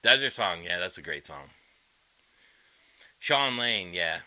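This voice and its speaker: A man's voice: sits low, lively intonation, slow pace, bright, forceful tone, low-quality recording. A man guitarist chatting casually on a live stream, rambling, greeting viewers and showing licks. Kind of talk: casual livestream chat.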